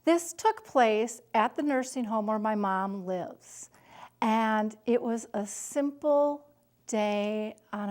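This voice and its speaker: A middle-aged woman telling a personal story as a caregiver, speaking slowly and deliberately, at times dropping to a hush. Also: a little high.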